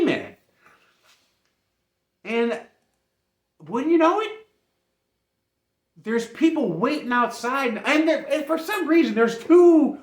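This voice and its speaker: Animated storytelling man, roomy sound. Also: very high-pitched. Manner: animated, laughs often, insists he's not making it up. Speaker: vlogger. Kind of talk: comic storytelling to camera. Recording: roomy echo.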